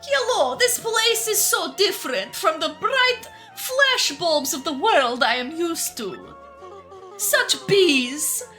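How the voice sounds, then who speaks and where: A woman plays a vain, theatrical female wind spirit in a video game, drawling her lines in a comically bad put-on Russian accent. The voice sits very high and bright and swoops around dramatically. Faint game music plays behind. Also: sing-song, exaggerated voice. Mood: grandly pleased. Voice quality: deliberately terrible mock Russian accent. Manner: grand, dramatic, drawn-out delivery.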